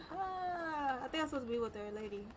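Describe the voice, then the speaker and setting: A woman gamer talking her way through a horror game in casual, jumpy commentary, often exclaiming and repeating herself when nervous. Her voice sits a bit high. The recording carries noticeable background noise. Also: animated, normal speed. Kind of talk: casual let's-play commentary.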